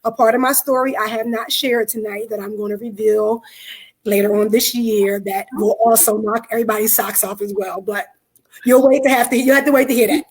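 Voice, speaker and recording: A woman with a raspy voice, a guest on a live online talk show, talking with excited, faith-filled emphasis. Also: a little high, fairly quick.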